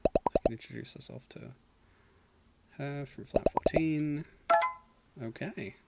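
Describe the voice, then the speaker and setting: A man's voice: on the high side, slow, creaky, very noisy. A man streaming a game, chatting casually and reading game text aloud with dry, self-mocking asides. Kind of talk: casual gameplay commentary.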